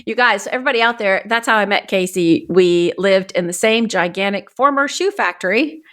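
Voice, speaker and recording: A woman's voice: mid-range voice, a little fast, a bit bright. A woman hosting an interview podcast over a video call, chatty and playful. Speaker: podcast host. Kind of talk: casual interview chat. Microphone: remote video call.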